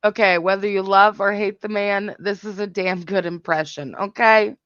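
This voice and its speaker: A woman's voice: medium pitch, steady tone, normal speed, fairly bright tone, clear, resonant tone, no room sound. A woman hosting a casual reaction chat, giggly, profane and exclamatory. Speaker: host reacting to clips. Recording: dull, dry lo-fi sound.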